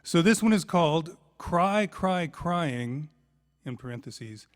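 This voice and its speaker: A man with an American accent, a singer-songwriter chatting in a relaxed, humorous way about his country song. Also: a little high, slow, no echo, studio quality. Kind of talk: spoken intro and country song with guitar.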